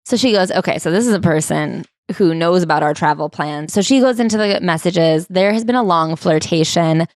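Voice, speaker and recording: A woman's voice: on the low side, fairly quick, few pauses, a little mellow, no echo. A woman co-hosting a comedy podcast, chiming in with sarcastic, wry commentary on the story. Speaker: podcast co-host. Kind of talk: comedic book-club banter.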